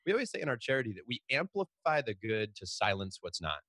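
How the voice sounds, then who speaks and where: A man's voice: medium pitch, sing-song, quick pace, fairly bright tone, dry recording. A middle-aged man, a podcast guest and author, telling stories animatedly with frequent restarts. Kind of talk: storytelling in a podcast interview.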